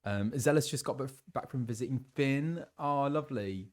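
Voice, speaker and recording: A young man from England chats casually on a live stream at normal speed, greeting viewers and reading their messages aloud with laughs and fillers. He is recovering from laryngitis, so his voice sits lower than usual.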